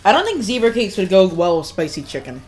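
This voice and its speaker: A woman's voice: mid-range voice, very animated, fast, darkish tone, slight background noise. Giggly woman commentating a tournament. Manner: giggly, laughs often, chats while eating. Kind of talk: casual esports commentary.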